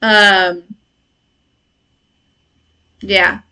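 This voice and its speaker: A woman's voice: medium pitch, little pitch movement, very slow, sharp tone, clear, resonant tone. A woman in her thirties hosting a casual live intuitive reading, chatty and laughing, swearing casually and answering chat comments. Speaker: intuitive reader and live stream host. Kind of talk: casual live-stream tarot-style reading.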